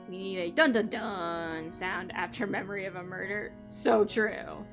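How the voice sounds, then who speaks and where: Brief: young woman, unhurried delivery, reads game lines and jokes around, game music behind. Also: mid-range voice, fairly even intonation. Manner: playful, laughing asides. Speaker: streamer. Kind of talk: reading game dialogue with commentary.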